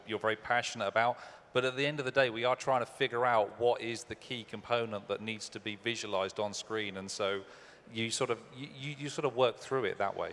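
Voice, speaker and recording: A man's voice: medium pitch, a bit bright. Reflective male artist in a reverberant hall. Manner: reflective, measured. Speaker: concept artist. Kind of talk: thoughtful panel answer. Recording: echoey convention hall.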